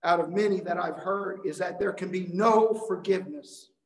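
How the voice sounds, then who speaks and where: A man preaches with emphatic, repeating phrases, now and then tripping over a word. His voice sits high for a man and rings out in a roomy, echoing space. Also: moderate pace. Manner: emphatic preaching with repetition and some stumbles. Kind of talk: sermon. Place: worship service.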